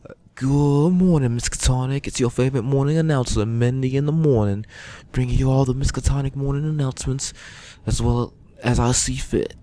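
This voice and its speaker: A man's voice: medium pitch, brisk, mellow, voice pushed up, close to an everyday voice. A man voicing a perky young female school announcer with a Cockney accent, reading a game aloud. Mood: chirpy.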